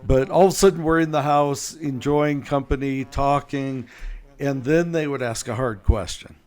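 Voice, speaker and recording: An American man, a guest author on a podcast, telling personal stories in a lively, self-deprecating way. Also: mid-range voice, moderate pace. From United States. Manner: animated anecdotes, self-deprecating humor. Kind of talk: conversational storytelling.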